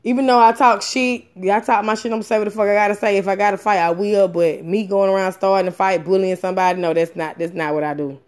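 A woman in her thirties tells a personal story at a quick pace with few pauses, candid and frank and swearing often. She's animated, full of fillers and restarts, her pitch and loudness jumping suddenly.

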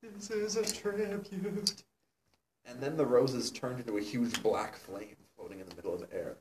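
A man co-hosting a comedy show, reading a fan fiction aloud dramatically and laughing at it, sometimes putting on squeaky voices. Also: a little fast, distant mic, noisy background. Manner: mocking, laughing, breaks into loud squeaky character voices.

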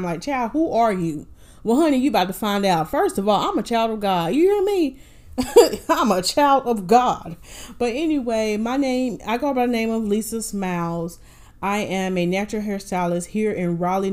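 A woman's voice: on the low side, a little mellow. A woman from North Carolina talks straight to her listeners on her own podcast. She is chatty and sassy, and she keeps encouraging them. She corrects herself as she goes. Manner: chatty, sassy and motivational, with laughs and self-corrections. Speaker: podcast host. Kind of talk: casual solo podcast talk.

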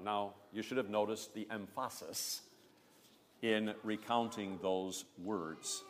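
A male pastor delivering a sermon in a measured, emphatic way, pressing hard on key words. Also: on the low side, steady tone. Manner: emphatic, measured preaching with rising stresses. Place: church. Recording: long church reverb.

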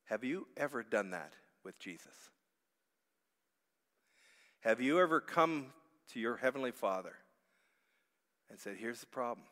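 A man's voice: medium pitch, expressive, unhurried, long pauses. Man preaching in a reverberant hall. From Canada. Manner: dynamic, swings from hushed to loud pleading. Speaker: pastor. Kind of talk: sermon. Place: church sanctuary.

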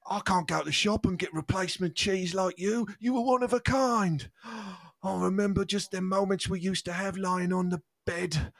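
A man in an improv comedy show playing a crude, gruff actor who plays a lonely cheese sculptor, in a coarse, mumbled voice. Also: fairly high pitch, expressive, moderate pace, fairly bright tone, full character voice. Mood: mournful. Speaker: improv player.

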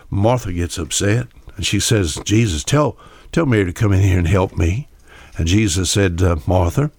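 A man's voice: lowish voice, no room sound, studio quality. A man preaching a sermon in a folksy storytelling way, acting out the voices of the people in his Bible stories.

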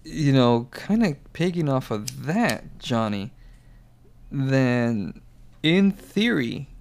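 A man's voice: mid-range voice, sing-song, slow, gravelly, a little hiss or hum. A middle-aged American man hosts a casual podcast chat. He rambles through his points with plenty of fillers and laughs at his own lines. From United States. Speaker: podcast host.

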